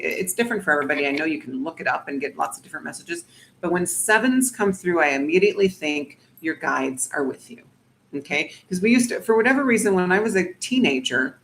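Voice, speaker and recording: A woman's voice: low voice, fairly bright tone, slight background noise, poor audio. A woman giving a casual spiritual reading straight to her viewers, chatty and reassuring, often checking in with "okay?" and swearing casually. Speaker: oracle card reader.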